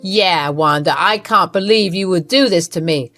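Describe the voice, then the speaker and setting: A woman's voice: on the low side, moderate pace, fairly bright tone, faint music behind, close to an everyday voice. A woman voicing an adult husband who is stern and fed up, in a storybook narration.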